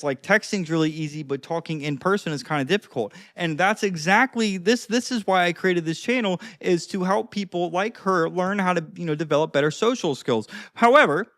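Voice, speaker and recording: A man's voice: high voice, a bit bright, no room sound, clean studio sound. A young man giving casual social-skills advice to camera, rambling with lots of fillers and the odd swear word. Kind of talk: casual talking-head advice.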